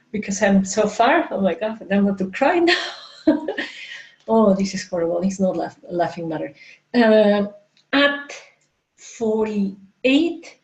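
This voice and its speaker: A woman in her forties, a coach and entrepreneur, telling a candid personal story at a live talk, halting with many fillers and restarts. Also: medium pitch, darkish tone, roomy sound, rough recording. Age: 40s.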